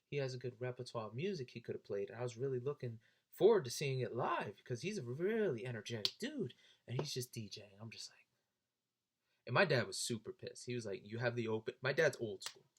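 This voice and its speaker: Young male vlogger, casual storytelling, very animated pitch swings. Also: a little fast. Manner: animated, jumps high in pitch when excited.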